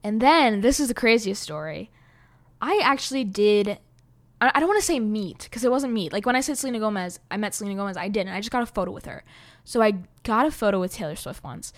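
A young woman telling a personal story to camera in a casual, rambling way, full of "like" fillers and swearing, getting excitable as she goes. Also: medium pitch, fast talker.

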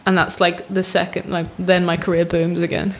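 A woman's voice: lowish voice, little pitch movement, moderate pace, a little hiss or hum, poor audio. A young woman, a comedian guest chatting casually and riffing on jokes. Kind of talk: casual chat.

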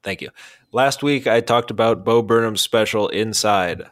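A man co-hosting a casual comedy podcast, talking in a deadpan, earnest way. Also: lowish voice, normal speed, dry recording, studio quality. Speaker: podcast co-host.

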